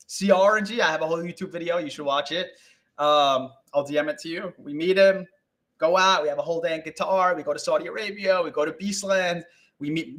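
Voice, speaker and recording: A young man telling a rambling story as a guest on a live video call, animated and full of swearing and acted-out quotes. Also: on the high side. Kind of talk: casual storytelling on a live stream.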